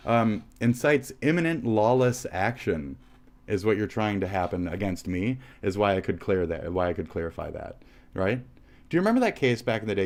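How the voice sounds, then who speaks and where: A man's voice: on the low side, darkish tone. A man streaming live, delivering a profane, rambling, combative rant at his viewers. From United States.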